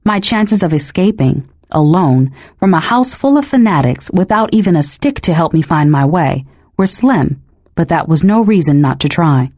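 A woman reading a novel aloud as first-person narration, measured and expressive. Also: sits low, dry recording. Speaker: audiobook narrator.

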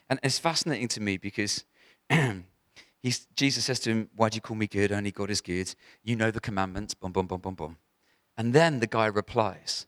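A man's voice: lowish voice, normal speed, fairly bright tone, dry recording, studio quality. A man preaching a sermon to a church gathering, in a conversational, emphatic way with frequent restarts.

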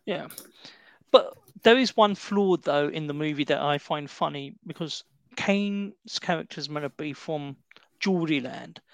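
A man's voice: fairly high pitch, unhurried, gravelly, no room sound. A British man chatting casually about a film, explaining with asides and restarts. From Britain.

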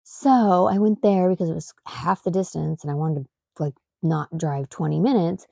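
A woman tells a story in a rambling, emphatic way, with many fillers and false starts. Her voice sits low and has a gravelly edge. The sound is dry and close, with no room echo. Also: moderate pace, warm tone. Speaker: mother and podcast host. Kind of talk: casual storytelling.

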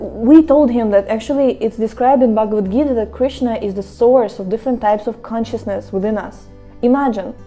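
A woman from Russia gives a casual devotional talk to her viewers, slightly high in pitch and mellow in tone. She tells her stories with animation and acts out the voices in them. Faint music plays behind her. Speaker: devotional speaker. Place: Mayapur, India.

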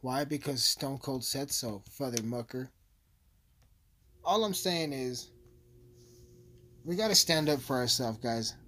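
A man's voice: mid-range voice, slow, pauses often, sharp tone, slight background noise. A man delivering a rambling, profane comedic rant as a vlogger, full of asides and swearing.

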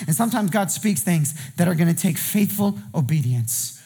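A man preaching a sermon as pastor, impassioned, often shouting in a sing-song way. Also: high voice, lively intonation, brisk, husky.

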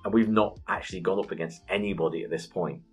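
Brief: man, 30s, husky and low-pitched, animated sweary storyteller on a casual gaming podcast, faint music underneath. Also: fast talker. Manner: animated storytelling, swears freely, laughs often.

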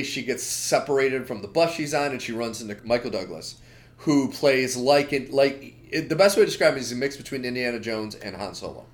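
Guy on a podcast going off about stuff, lively and opinionated, mid pitch. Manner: animated, opinionated ranting with frequent asides. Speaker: podcast co-host. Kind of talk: casual chat.

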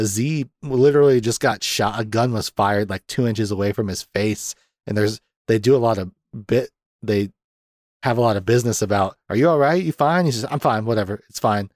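A podcast host with a lowish male voice discusses movies casually, retelling film scenes with animation, acting out quotes and laughing often. The recording is clean studio sound with no echo.

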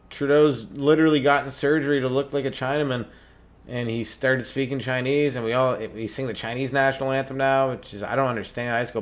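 A Canadian man in his thirties, a stand-up comedian riffing through a rambling comedic monologue and slipping into quick put-on voices for the people in his stories. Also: mid-range voice. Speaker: stand-up comedian hosting a podcast.

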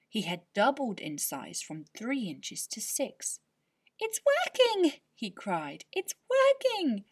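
A woman with a breathy voice, gently and expressively narrating a children's bedtime story. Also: on the low side.

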